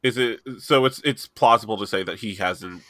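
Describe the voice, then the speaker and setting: A man's voice: lowish voice, moderate pace, fairly bright tone, dry recording, studio quality. A man playing a tabletop game, thinking aloud with wry remarks. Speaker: player. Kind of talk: casual tabletop game chat.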